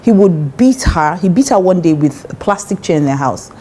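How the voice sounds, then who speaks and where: A woman's voice: on the low side, animated, moderate pace, warm tone, a little hiss or hum. A woman with a Nigerian accent giving relationship advice in a casual, emphatic talk, often acting out the voices of people she quotes.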